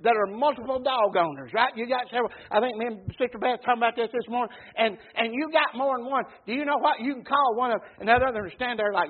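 A preacher with a notably high, husky voice delivers a folksy sermon. He spins homespun stories and keeps checking in with the congregation. The recording sounds muffled and narrow, like a phone line. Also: fast, hardly any pauses. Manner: folksy storytelling preacher, calls out "Amen?". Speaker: pastor.

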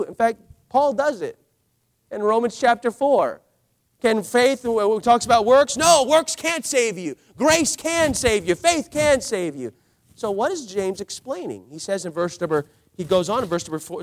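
A man preaching a sermon as pastor, swinging between loud declarations and hushed asides, drawing out key phrases for emphasis. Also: high-pitched.

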